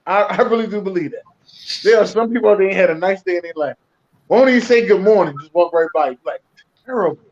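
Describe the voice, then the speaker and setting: A man's voice: high voice, fast. A man co-hosting a podcast, ranting and joking with a lot of profanity. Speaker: podcast co-host. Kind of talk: casual podcast chat. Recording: dull lo-fi audio.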